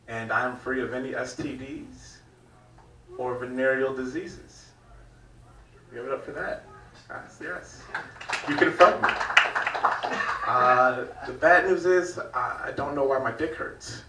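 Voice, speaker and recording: A man's voice: mid-range voice, bright, forceful tone, a little hiss or hum. A man from Virginia doing a stand-up comedy set, rambling loosely and laughing at his own jokes on a club stage. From Virginia, United States. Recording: echoey club room from far off.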